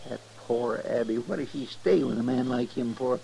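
An actor playing a folksy, simple-hearted deputy sidekick who chatters worriedly in ungrammatical country speech, in 1950s radio drama style. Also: male voice, medium pitch, normal speed, creaky, dark tone, slight background noise, natural voice, poor audio.

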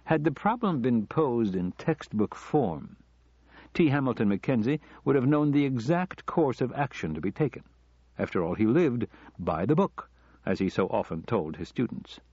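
A man narrating an audiobook story in a measured, even storytelling manner. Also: mid-range voice, breathy edge, no echo. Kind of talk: scripted narration. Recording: slightly dull lo-fi recording.

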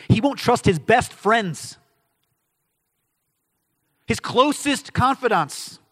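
Male pastor, sermon, high and lively voice, rhetorical questions, long hall echo. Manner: animated, acts out quoted voices, emphatic questions and answers.

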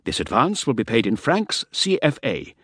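A man's voice: mid-range voice, very animated, normal speed, fairly bright tone, breathy edge, no room sound, studio quality, pitched above the performer's own voice. A man voicing a fussy, compulsively tidy paymaster who speaks in precise, formal phrases.

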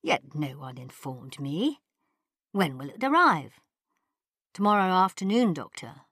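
A woman's voice: deep voice, sing-song, measured pace, a bit bright, dry recording, studio quality, exaggerated voice. A woman voicing an earnest young male companion, respectful yet indignant.

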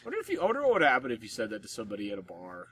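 A man's voice: medium pitch, huge pitch swings, racing, fairly bright tone, breathy edge. An American man co-hosting a podcast in casual chat, rambling with lots of "like" fillers. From United States. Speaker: podcast co-host.

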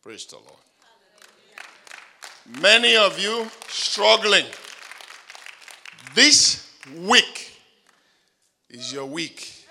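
A male pastor preaching a dramatic sermon, building up to shouted declarations. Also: sits high, big pitch swings, extremely slow, long pauses, a faint crowd, slight background noise.

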